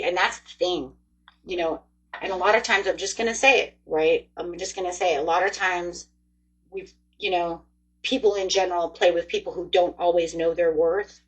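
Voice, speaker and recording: Husky, chatty woman tarot reader. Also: on the low side, rough recording. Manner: chatty, excitable, talks straight to viewers. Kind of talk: casual tarot reading.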